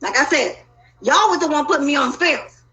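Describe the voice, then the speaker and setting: High, lively, bright-voiced woman ranting. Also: normal speed, rough recording. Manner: agitated, profane and rambling, with sudden loud outbursts. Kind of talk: emotional personal monologue.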